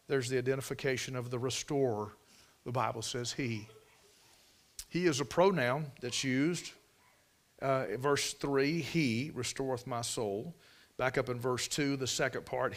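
This man's sermon unfolds like a folksy story, with his mid-range voice veering from forceful emphasis down to near-whispers.

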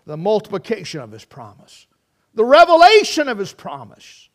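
A man preaching a sermon, fervently swinging from shouts to hushed tones and repeating phrases for emphasis. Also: high-pitched, wildly swooping pitch, normal speed.

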